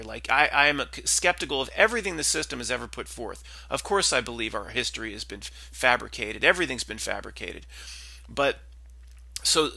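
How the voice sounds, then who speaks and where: A man's voice: medium pitch, creaky, pushed and bright, no room sound. A man, talking in a rambling, skeptical monologue full of restarts and asides. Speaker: podcast host.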